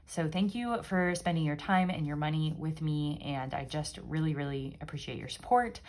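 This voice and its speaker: A woman's voice: sits low, fairly even intonation, moderate pace, a little mellow. A woman vlogger chatting casually and upbeat as she counts bills aloud, one by one. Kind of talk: casual chat while counting cash.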